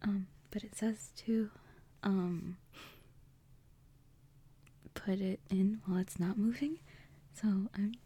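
A woman whispers slowly into the mic, her voice airy and husky with a stuffy nose and a touch of hoarseness. She hesitates often, giggling softly between fillers. The tone stays mellow and hushed. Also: medium pitch, fairly even intonation. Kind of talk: whispered casual talk to a mic.

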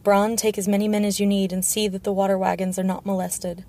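A woman reading the part of a bitter, sharp-tongued male dwarf lord, scornful and commanding. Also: mid-range voice, monotone, brisk, lightly acted. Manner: scornful, shouting.

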